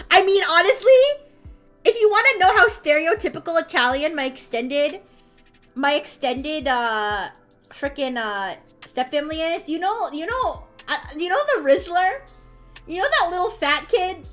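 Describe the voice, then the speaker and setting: A high-pitched woman talks casually on a live stream while drawing. She rambles, breaks off and restarts her sentences, and laughs easily. Soft music plays faintly under her voice. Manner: chatty and rambling, quick laughs, frequent restarts.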